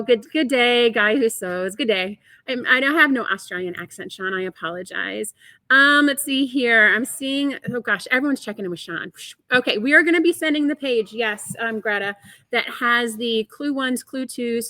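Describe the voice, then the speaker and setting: A woman's voice: high-pitched, bright, forceful tone, no echo, low-quality recording. Chatty, upbeat woman hosting a livestream. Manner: chatty, enthusiastic, reads and answers viewer chat. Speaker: host of a quilting shop livestream. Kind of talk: upbeat live product show.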